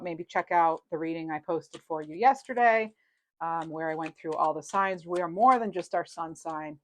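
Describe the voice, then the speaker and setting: A woman reading tarot cards in a casual, rambling and reassuring way, with many fillers. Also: mid-range voice. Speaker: tarot reader.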